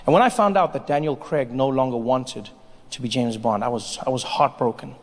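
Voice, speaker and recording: A male stand-up comedian telling an animated, playful story to a live audience on a large theater stage. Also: medium pitch, a little fast, long reverb tail. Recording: live theater, crowd laughter.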